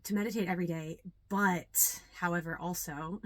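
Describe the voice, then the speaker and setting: A young adult woman, a yoga teacher, talking earnestly and reflectively to camera, with many ums and pauses. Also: on the low side, flat delivery, dry recording. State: a little nervous. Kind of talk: casual talk to camera.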